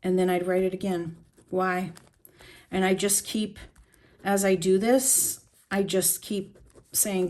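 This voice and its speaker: A woman vlogging about her journaling, talking bluntly and emotionally with pauses and fillers, shaken as she speaks. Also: medium pitch, little pitch movement, darkish tone. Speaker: planner vlogger. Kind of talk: emotional journaling talk to camera.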